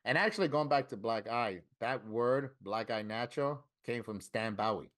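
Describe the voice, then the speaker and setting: Middle-aged man from Florida, mid-pitched voice, tattoo-artist guest, spins stories in a relaxed way and voices the people he quotes. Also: moderate pace. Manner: lively storyteller who acts out quoted dialogue. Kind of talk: casual storytelling interview.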